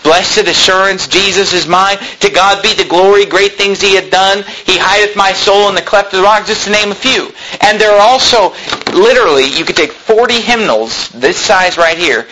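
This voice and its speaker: A man preaching a fervent sermon in a high, bright, forceful voice. He drives hard through his points, climbing into near-shouts when he quotes, and restarts words as he rushes on. A faint hiss sits under the recording. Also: low-quality recording. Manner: intense preaching, rising to shouts when quoting, with stammered restarts. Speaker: pastor.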